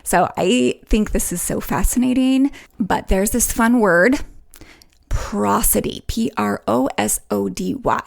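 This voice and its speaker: A woman hosting a solo podcast, talking in a melodic, playful way that swoops up in pitch to make her points. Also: slow, creaky. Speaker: podcast host.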